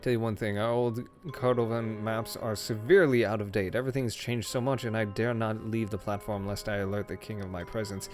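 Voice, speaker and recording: A man's voice: on the low side, fairly even intonation, a little fast, few pauses, a little mellow, soft background music, lightly acted. A man voicing a pompous, fussy male academic who has become a reluctant spy.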